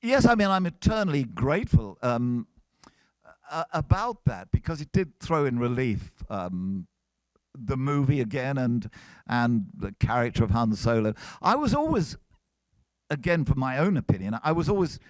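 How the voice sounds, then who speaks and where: A man's voice: mid-range voice, normal speed, dry recording. An older man, an actor being interviewed at a fan convention, telling wry behind-the-scenes stories. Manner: animated storyteller, wry. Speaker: actor guest. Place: comic con booth.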